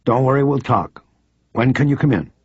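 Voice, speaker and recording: A man's voice: mid-range voice, expressive, normal speed, a little mellow, husky, no echo, pitched above the performer's own voice. A man voicing a cautious male federal agent who speaks in a guarded way. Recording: dry, slightly dull audiobook recording.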